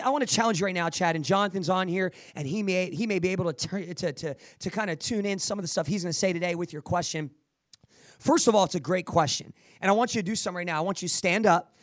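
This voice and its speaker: A middle-aged man hosting a podcast and giving energetic, preachy motivational advice, often repeating words as he restarts. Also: high-pitched, no room sound, clean studio sound. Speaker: podcast host answering listener questions.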